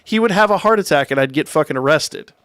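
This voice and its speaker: Animated, profane man telling a story. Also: a little high, quick pace, dry recording, studio quality. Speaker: livestream host. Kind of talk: casual storytelling.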